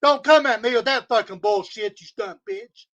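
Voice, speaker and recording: A man's voice: extremely high pitch, moderate pace, a bit bright. A man on a livestream, ranting in a heated, profane way and repeating his insults. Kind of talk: angry livestream rant. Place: home studio.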